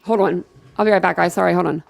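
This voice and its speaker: A woman's voice: lowish voice, fast talker, gravelly. A woman from Philadelphia chatting casually on a live stream, rambling and outspoken with her viewers. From Philadelphia, USA.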